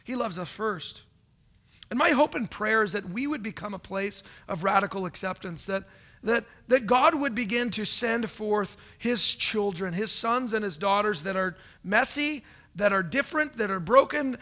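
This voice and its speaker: Animated bright-voiced male preacher. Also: extremely high pitch. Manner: animated preaching, swings from loud calls to hushed asides; acts out quoted voices of churchgoers and God. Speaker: pastor. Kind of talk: sermon. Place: stage before a congregation.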